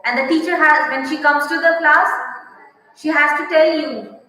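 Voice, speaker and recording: A woman teaches a class of small children, repeating each point and quizzing them. Her voice is high and bright and she speaks slowly. The recording is very echoey, with a long reverb. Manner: slow, repetitive, asks children questions. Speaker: primary school teacher. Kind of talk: online class lesson reading a poem.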